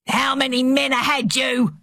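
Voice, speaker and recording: A man's voice: sits high, expressive, unhurried, pushed and bright, breathy edge, no echo, full character voice. A woman voicing a huge, brutal father who bellows abuse in a storybook reading. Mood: raging. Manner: bellowing, abusive.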